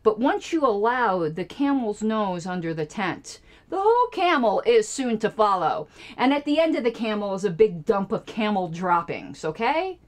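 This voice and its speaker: A woman's voice: mid-range voice, very animated, moderate pace. A woman hosting a radio show, giving sarcastic, indignant political commentary on clips she plays. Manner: sarcastic and indignant, jokey asides.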